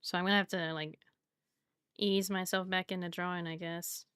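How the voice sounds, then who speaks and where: Bright, chatty woman streamer. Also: lowish voice, little pitch movement, moderate pace, clean tone, no echo, studio quality. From Southern United States. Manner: chatty and rambling, reads chat aloud, laughs often. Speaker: art streamer. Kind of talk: casual chat while drawing on stream.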